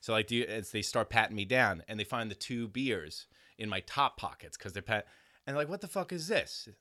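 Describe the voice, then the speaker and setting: Speaking a little fast in a low-leaning voice, a podcast storyteller from around New York casually spins a long, profane tale, putting on voices for the people he quotes. The sound is dry and studio quality, and the anecdote rambles along with plenty of animation.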